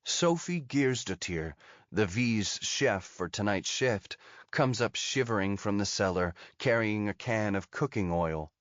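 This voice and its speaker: A male audiobook narrator with a lowish voice, reading in a steady, measured way. The sound is dull and lo-fi, with a dead, dry feel and no room echo. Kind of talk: scripted narration.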